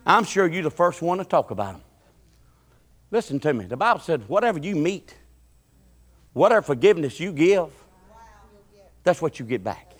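A man preaching a sermon in a church, swinging from loud shouts to low, quiet talk. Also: big pitch swings, moderate pace, long pauses, long reverb tail. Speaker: pastor. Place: church sanctuary.

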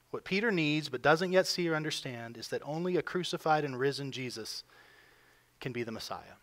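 A man preaching a sermon as pastor, building emphasis and swinging between loud pushes and quiet drops. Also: on the high side, expressive, a little fast. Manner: emphatic preaching, voices quoted figures with rising force.

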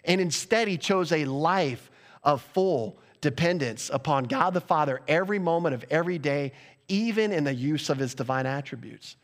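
A man's voice: a little high, animated, normal speed. A male pastor delivering a sermon in a conversational style, asking the congregation rhetorical questions.

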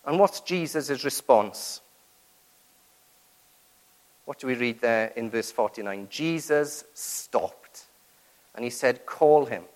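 A male preacher delivers a sermon in a voice of ordinary pitch. He asks his listeners rhetorical questions and voices the prayers he quotes with feeling. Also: expressive, takes it slowly, long pauses, poor audio.

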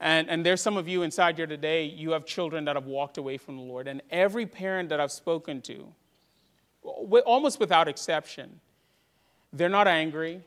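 A man preaching a sermon as pastor to his church, earnest, rising to loud emphasis and dropping to hushed tones. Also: a little high, moderate pace.

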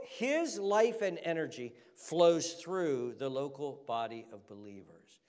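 A man delivers a sermon in a high, ringing voice. He reads scripture aloud and drives home each line with emphatic preaching. His words trail off into the long echo of a large church hall. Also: animated, slow, hardly any pauses, a little mellow. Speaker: pastor.

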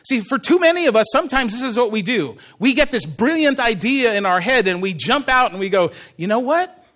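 A male pastor preaching a sermon with animated, humorous storytelling. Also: very high-pitched, brisk.

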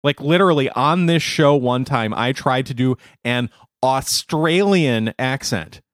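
A man's voice: mid-range voice, unhurried, no echo, studio quality. A man co-hosting a podcast in casual chat, laughing often and slipping into mock accents when he quotes. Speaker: podcast co-host.

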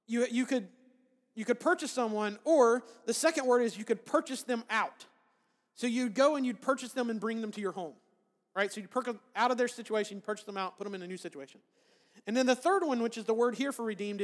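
High-voiced preacher in a reverberant hall. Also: male voice. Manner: conversational preaching with frequent "right?" asides and restarts. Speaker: pastor. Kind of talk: sermon.

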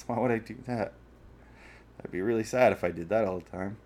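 A man's voice: on the low side, moderate pace, darkish tone. A man in his twenties delivering a profane, sarcastic comedic rant about everyday annoyances from his room. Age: 20s. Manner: profane, sarcastic, exasperated ranting. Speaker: vlogger. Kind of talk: ranting comedic monologue.

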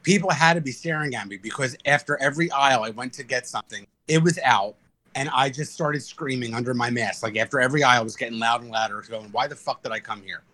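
Bright-voiced man telling rowdy stories. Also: medium pitch, fast, no room sound. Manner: animated storyteller, swears freely. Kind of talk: casual podcast chat.

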